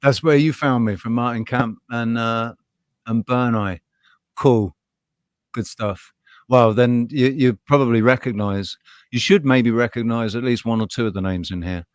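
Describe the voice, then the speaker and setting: A man of middle pitch hosting a live stream in casual chat. He rambles and restarts and grows passionate, so his voice climbs when something stirs him. The sound is dry and close, with no room around it. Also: measured pace, clean tone, no room sound. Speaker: live show host.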